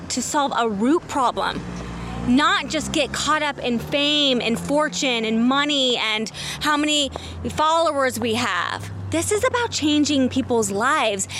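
Over a noisy background, a high-pitched woman coaches her viewers in a motivational vlog. She's a business coach walking outside through her neighborhood, speaking casually and emphatically and swearing freely when excited.

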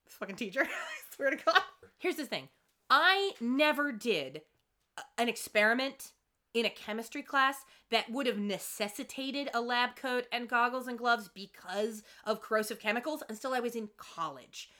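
A woman with a bright, forceful voice pitched a touch high, chatting casually as a podcast co-host. She recaps a TV episode with wry, profane asides and lively put-on quotes. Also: moderate pace. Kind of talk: casual chat.

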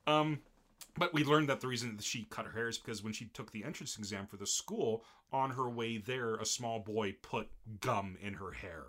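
A man's voice: mid-range voice, normal speed, a bit bright. Rambling man recapping casually. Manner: rambling, restarts often, laughs easily. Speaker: podcast co-host. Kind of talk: casual chat recapping an anime.

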